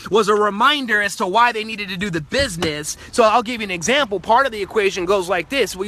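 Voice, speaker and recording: A man giving a motivational sales-training talk, emphatic and forceful, sometimes acting out his clients' voices. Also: extremely high pitch.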